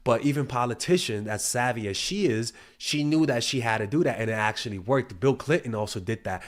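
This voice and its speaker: A man's voice: medium pitch, brisk. A young man giving casual dating advice, swearing freely and often restarting his sentences. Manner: profane, storytelling, frequent restarts and stumbles. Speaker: dating coach. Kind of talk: casual talking-head advice.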